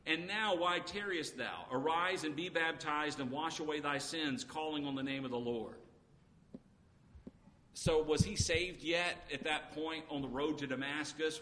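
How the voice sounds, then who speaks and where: A man's voice: on the high side, sharp tone. A man preaching an earnest sermon, reading scripture aloud between his own explanations, with frequent "uh" fillers. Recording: long reverb, faint background noise.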